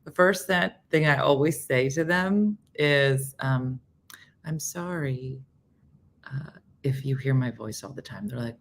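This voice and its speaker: A woman's voice: extremely low pitch, slow pace, slight background noise. A woman hosting a casual morning show, telling a story with lots of acted-out quotes, laughter and sudden whispers. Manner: animated storyteller, acts out quotes, laughs often, drops to whispers.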